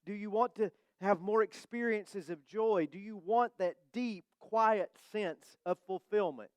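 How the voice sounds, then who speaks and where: A man preaches to his congregation in a smooth, resonant voice that sits a little high for a man. He talks like a conversation, with light humor, and draws out key phrases slowly for weight. The sound is close and dry. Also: no room sound. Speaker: pastor. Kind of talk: sermon. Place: church sanctuary.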